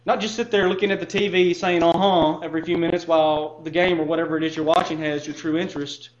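A man's voice: on the high side, fairly even intonation, fast, dull audio. A man preaching a sermon as pastor, speaking earnestly and putting direct questions to his listeners.

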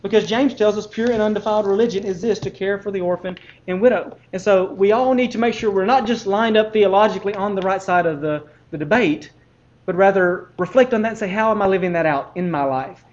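Earnest higher-voiced man preaching a sermon. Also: dull audio. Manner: earnest, measured, many restarts, asks the listeners questions.

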